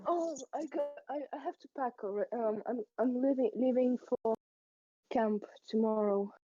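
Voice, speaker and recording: A young woman talks casually on a stream, her speech hesitant and full of fillers. Her voice sits a bit high, and the audio is dull and lo-fi, like voice chat. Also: moderate pace. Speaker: stream guest.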